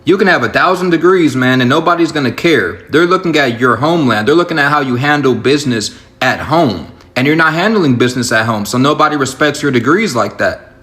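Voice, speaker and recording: A man's voice: medium pitch, animated, a little fast, a bit bright. A man delivering a dismissive, lecturing opinion monologue.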